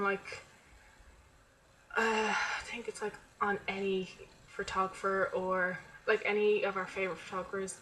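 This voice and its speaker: A young woman chats to camera at home in a loose, rambling vlog. Her voice sits at a middle pitch and she fills her talk with "like." A faint background noise hangs behind her. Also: sharp tone, low-quality recording. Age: young adult. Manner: chatty, rambling, full of "like" fillers. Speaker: vlogger. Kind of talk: casual chat to camera.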